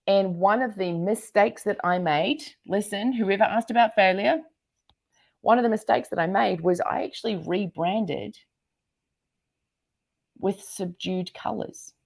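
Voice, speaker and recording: A woman from New Zealand, a guest entrepreneur in a casual interview, talking in a bubbly, animated way with sudden high exclamations. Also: measured pace, vocal fry.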